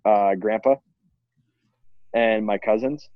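A teenage student chatting casually with friends on a call, rambling with many restarts. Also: male voice, lowish voice, slow, no room sound, muffled recording.

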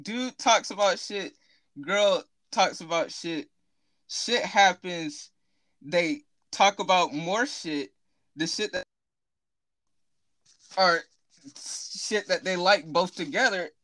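A man's voice: high-pitched, takes it slowly, pauses often, no room sound. A fifteen-year-old boy chatting as a co-host, telling a story with plenty of laughter and casual swearing. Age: teens. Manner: animated, laughing often, swearing freely. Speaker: podcast co-host.

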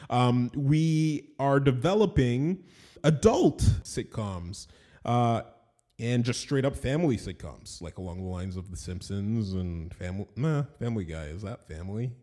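Rambling, mellow-voiced male podcast host. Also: medium pitch, animated, a little slow. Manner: rambling, chatty, laughs at himself. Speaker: podcast host and animation studio owner. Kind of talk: casual solo podcast monologue.

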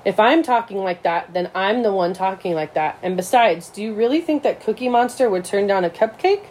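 A woman's voice: medium pitch, expressive, fairly quick, darkish tone, a little hiss or hum, natural voice, poor audio. A woman voicing a goofy schoolboy who is crazy about snacks and argues earnestly. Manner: silly, then earnest.

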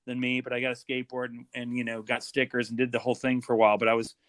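A middle-aged man from Ohio, hosting a casual chat and recalling his past in a relaxed, rambling way. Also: medium pitch, very fast, no echo. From Ohio, USA. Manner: relaxed, rambling, with many fillers.

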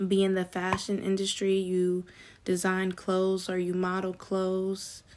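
A woman giving a casual tarot reading to her viewers, chatty and slangy with excited asides. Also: mid-range voice, a little slow, noisy background. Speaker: tarot reader.

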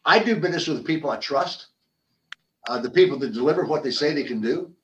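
An older man, a former athlete turned business founder, telling animated stories in an interview with frequent restarts and repeated words. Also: on the high side, fast talker, distant mic, low-quality recording. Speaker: podcast guest, former football player and business founder. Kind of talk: conversational interview storytelling.

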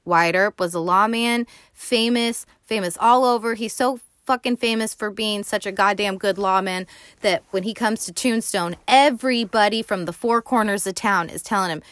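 Animated, foul-mouthed woman recapping a movie. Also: mid-range voice, moderate pace, no room sound. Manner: animated, profane and slangy. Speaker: movie podcast host. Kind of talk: casual film recap.

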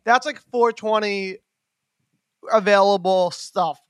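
A man's voice: sits high, takes it slowly, clean tone, no room sound, clean studio sound. A young man co-hosting a podcast, rambling and giggly with lots of fillers. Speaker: podcast co-host. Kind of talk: casual chat.

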